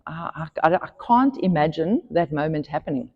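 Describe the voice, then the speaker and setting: A woman's voice: sits low, expressive, normal speed, gravelly, lo-fi sound. A woman pastor preaching a sermon, earnest and emphatic, rising in force when she reads scripture. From South Africa. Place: church hall. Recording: church hall reverb.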